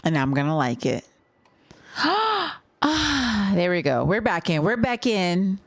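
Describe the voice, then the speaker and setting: A young woman streaming a live music reaction, gushing and excitable, at times dropping into awed whispers. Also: mid-range voice, slow pace, dry recording, studio quality.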